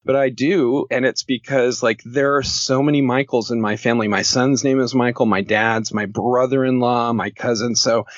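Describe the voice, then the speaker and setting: A man's voice: mid-range voice, fairly even intonation, moderate pace, few pauses, no room sound. A man talking casually as a podcast guest, joking and rambling and laughing often. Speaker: podcast guest, horror author. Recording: dull lo-fi podcast audio.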